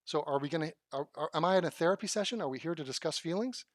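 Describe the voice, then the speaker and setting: Brief: male commentator, sarcastic and profane, slightly high voice, dry close sound. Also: rapid-fire, dry recording. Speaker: commentator reacting to video clips. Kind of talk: combative commentary.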